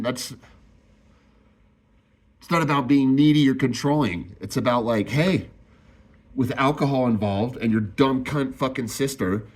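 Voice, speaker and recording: A young man in a raw confessional monologue, swearing and sighing as his voice rises and falls with distress. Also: mid-range voice. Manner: raw, swearing, sighing often, voice rising when upset. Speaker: vlogger.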